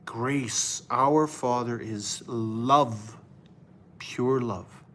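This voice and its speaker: A Canadian man hosts a livestream and preaches in a plain mid-range voice. He swings between fervent declarations and low murmurs. A faint hum of noise sits behind him. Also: extremely slow, fairly bright tone. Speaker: livestream host. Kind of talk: religious livestream commentary.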